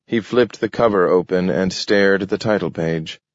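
A man narrating an audiobook story in a measured, descriptive manner, in a dull lo-fi recording. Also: deep voice, no echo. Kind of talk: scripted narration.

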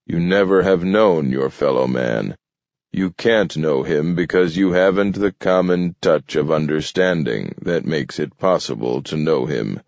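A man reading an audiobook, voicing a sly, amused male mutant who talks in a mild, easygoing, quietly mocking way. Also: rumbling low, a little slow, dry recording. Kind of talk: audiobook character voice. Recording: dull, dry studio read.

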